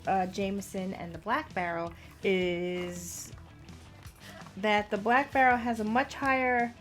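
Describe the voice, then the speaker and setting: Middle-aged woman host from Long Island, chatty and quick to laugh, mid-pitched voice, faint music behind. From Long Island, New York. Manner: chatty, laughs often, reads notes about whiskey. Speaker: podcast host. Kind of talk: casual chat. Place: podcast studio.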